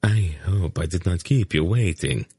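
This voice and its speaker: A man's voice: low voice, lively intonation, measured pace, mellow, husky, no room sound, clean studio sound, heavily acted. A man voicing a sly male spy and trader who talks in a breezy, urbane, dryly witty way.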